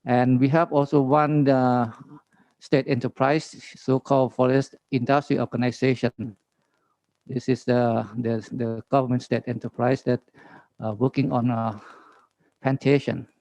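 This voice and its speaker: A man with a Thai accent giving a halting conference presentation on forestry, pausing often and asking for the next slide. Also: medium pitch, flat delivery, darkish tone, dry recording, low-quality recording. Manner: halting, many fillers, reading slides. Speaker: government forestry official presenting.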